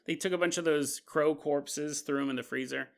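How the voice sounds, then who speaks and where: A man hosting a podcast, telling a spooky story in an animated, conversational, jokey way. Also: on the high side, moderate pace, gravelly. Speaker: podcast host. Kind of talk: storytelling narration.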